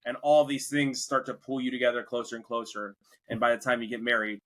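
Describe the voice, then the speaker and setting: A man's voice: medium pitch, little pitch movement, fast talker, a bit bright, poor audio. A young man hosting a podcast, casually retelling a film's plot in a rambling way. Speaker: podcast host. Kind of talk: casual movie review chat.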